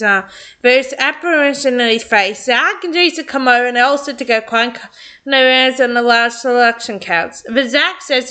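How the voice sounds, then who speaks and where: A young woman with a slightly high, sharp-toned voice reads a script aloud for an excited reaction vlog. She gushes over it as a fan, often tearful and often laughing.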